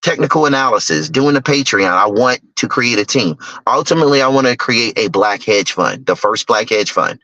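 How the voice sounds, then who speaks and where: A man's voice: medium pitch, animated, normal speed, hardly any pauses, sharp tone. A middle-aged man telling personal stories in an emphatic, candid way, acting out other people's lines. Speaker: guest speaker, investor. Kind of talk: personal storytelling talk. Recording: dull lo-fi dry recording.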